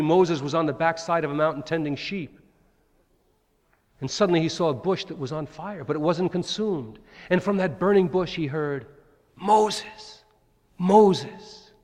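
A man preaching a sermon, dramatically acting out the cries of Bible figures. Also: fairly high pitch. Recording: long hall reverb.

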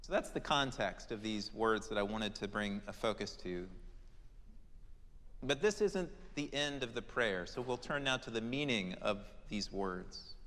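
A man preaching a sermon, moving dramatically between emphatic declarations and hushed, prayerful lines. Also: on the low side, expressive, measured pace, big-room sound. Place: church.

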